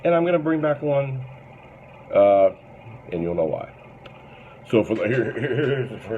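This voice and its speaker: A man's voice: medium pitch, animated, moderate pace, pauses often, dark tone. A man hosting a comedy show, delivering a crude, blustering monologue in a mock-bigoted persona. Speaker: host. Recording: tinny phone-like lo-fi sound with faint noise.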